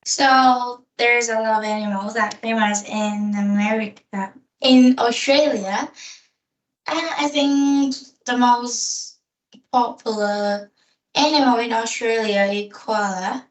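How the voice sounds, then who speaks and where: A woman answering questions in hesitant, halting learner English during a speaking practice conversation. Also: a little high, fairly even intonation. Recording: echoey room, voice far from mic.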